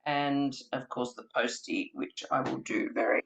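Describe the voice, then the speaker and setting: A woman presenting a childcare training webinar in an animated, theatrical, chatty way. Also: extremely low pitch, unhurried, creaky.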